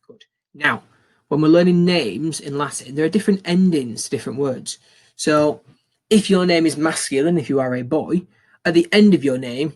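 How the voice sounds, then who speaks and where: A young man teaching a recorded school lesson, upbeat and encouraging, repeating phrases for learners to copy. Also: a little high.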